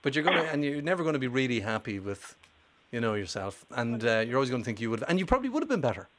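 A man's voice: medium pitch, very animated, fairly bright tone. A man hosting a radio quiz phone-in, teasing and bantering with callers. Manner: playful, teasing, quick banter.

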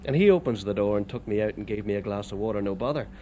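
A man with an Irish accent, telling of his rough times in plain, wry storytelling with local turns of phrase. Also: fairly low pitch, quick pace, mellow, slight background noise. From Ireland. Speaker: immigrant worker. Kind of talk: storytelling testimony.

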